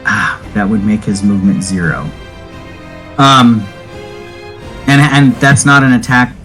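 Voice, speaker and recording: A man's voice: on the low side, steady tone, fairly bright tone, soft background music, poor audio. A man acting as game master in a tabletop game, chatting and explaining the rules at length. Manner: chatty, explains rules at length, quick questions when puzzled. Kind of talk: running a tabletop game, casual chat.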